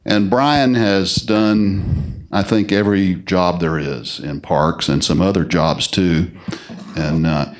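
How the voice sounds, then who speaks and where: Deep-voiced man presenting awards. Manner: unhurried, halting with many fillers. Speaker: city official presenting service awards. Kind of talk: formal ceremony remarks with casual asides. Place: council chamber.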